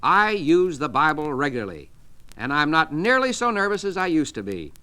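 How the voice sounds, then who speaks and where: Guy doing a kind earnest businessman, sort of high voice, bright. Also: sing-song, normal speed, clear, resonant tone. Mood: kindly. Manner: kindly, earnest storytelling. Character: kindly, calm middle-aged businessman.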